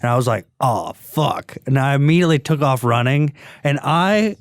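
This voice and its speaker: A man's voice: medium pitch, animated, a little fast, clear, resonant tone, no echo. Man, casual podcast talk, rambling storyteller, lots of "like", dry close sound. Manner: rambling storyteller, heavy use of "like".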